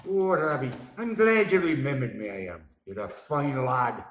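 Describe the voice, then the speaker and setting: A man voicing a kindly old grandfather who praises a young man, speaking slowly and fondly in a raised voice. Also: mid-range voice, pitched above the performer's own voice, lightly acted. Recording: roomy echo.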